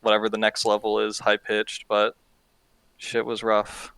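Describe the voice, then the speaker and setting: A young man guesting on a podcast, easygoing and full of slang. His voice is smooth and clean, held to a narrow, even pitch. The sound is dry and close to the mic. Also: measured pace, no room sound. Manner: laid-back, slangy, swears and laughs often. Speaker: music producer guest. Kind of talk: casual podcast chat.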